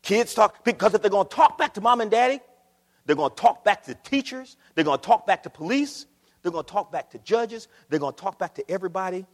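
Animated preacher in a reverberant hall. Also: male voice, high-pitched, brisk. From Akron, Ohio. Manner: preacher, swings from loud to soft, addresses the congregation. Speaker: pastor. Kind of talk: sermon.

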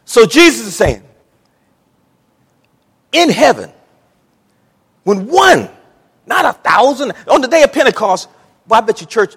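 Animated high-voiced man preaching. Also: a little slow, pauses often, husky, in a large hall. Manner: animated preaching, Southern folksy speech, acts out quotes. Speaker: pastor. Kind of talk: sermon.

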